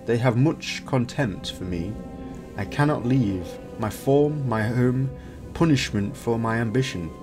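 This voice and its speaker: A man reading the lines of a sad male cave creature who was once a wizard, in slow, halting speech. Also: mid-range voice, over music, close to an everyday voice. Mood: mournful.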